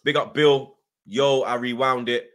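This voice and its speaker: A man's voice: mid-range voice, fairly even intonation, measured pace, a bit bright. A man hosting a live football watchalong, ranting angrily with heavy swearing, repeated taunts and tag questions. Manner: angry, swearing, repeating taunts and "yeah?" tags. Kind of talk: live fan watchalong rant.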